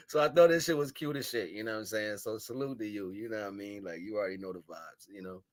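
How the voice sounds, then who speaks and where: A man with a lowish voice hosts a livestream, speaking into a live stream microphone. His spiritual monologue shifts from hushed solemnity to loud scolding to laughing, slang-filled chat with the audience.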